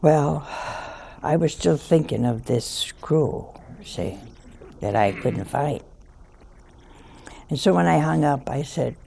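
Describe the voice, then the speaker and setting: An older woman telling a story in a slow, folksy way, chuckling as she goes. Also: low-pitched, lively intonation, gravelly, mellow. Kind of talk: storytelling talk.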